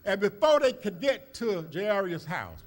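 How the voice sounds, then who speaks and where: A man's voice: high voice, sing-song, measured pace. A man preaching a sermon as a minister, telling stories in a folksy way with many fillers and rising emphasis. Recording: church service recording.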